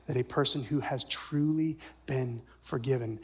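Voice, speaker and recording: A male pastor giving a sermon, swinging from loud emphatic lines to soft near-whispers and asking the congregation questions. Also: mid-range voice, a little slow, slight background noise. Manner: asks the congregation rhetorical questions.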